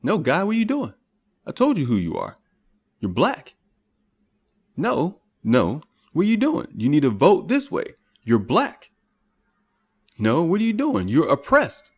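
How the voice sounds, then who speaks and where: A pushy man lectures and scolds, insisting he knows better, his voice pitched high and swinging wide, played by a man. The tone is insistent and preachy. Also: huge pitch swings, a little slow, pauses often, husky, exaggerated voice. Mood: scolding.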